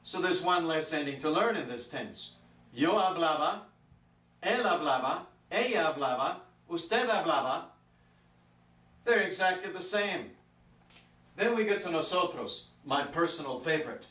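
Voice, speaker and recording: A man's voice: on the high side, animated, a little slow, fairly bright tone. A man teaching a language grammar lesson, patiently drawing out the example words. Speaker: Spanish teacher. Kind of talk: explanatory lesson. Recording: echoey room from far off.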